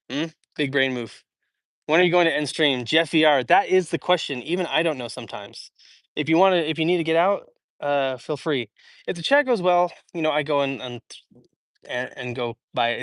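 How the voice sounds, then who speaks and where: A young male livestream host from Idaho chats with his viewers during a casual walk-and-talk stream in a big public park, hot and sweaty from walking. His voice is slightly higher, and he rambles with plenty of fillers and restarts. The phone-mic sound is dry, with no room sound.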